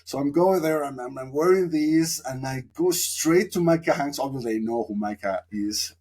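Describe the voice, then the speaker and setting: A podcast guest from Mexico, this man has a mid-range, somewhat dark voice and speaks at normal speed. His long, reflective story unfolds in a casual interview, meandering and peppered with fillers.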